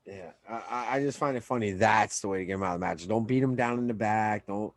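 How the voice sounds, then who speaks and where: A man's voice: lowish voice, quick pace, dry recording. A man co-hosting a podcast, reviewing wrestling in a loose, profane casual chat and often trailing off mid-sentence. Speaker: podcast co-host.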